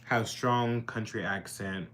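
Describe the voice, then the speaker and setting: Young man, sassy rambling storyteller, slightly low voice, faint background hum. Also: fairly even intonation, a little slow, a bit bright. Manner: chatty, rambling, sassy, lots of fillers. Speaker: vlogger. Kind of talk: casual storytime monologue. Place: his bedroom.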